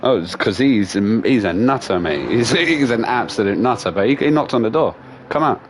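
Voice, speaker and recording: A man's voice: on the low side, fairly quick, a little hiss or hum. A man, a gaming streamer telling stories in a casual, profane rant and laughing along the way. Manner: profane, animated storyteller.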